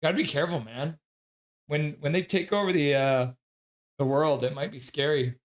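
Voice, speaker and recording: A man hosting a casual live stream, reading out viewer chat with frequent laughs and excited outbursts. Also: a little high, moderate pace. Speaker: livestream host.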